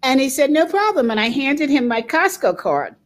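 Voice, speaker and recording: A woman's voice: high-pitched, moderate pace. An older woman hosting a talk show, telling stories with frequent laughter in a casual conversation. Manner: laughs often, lively storytelling.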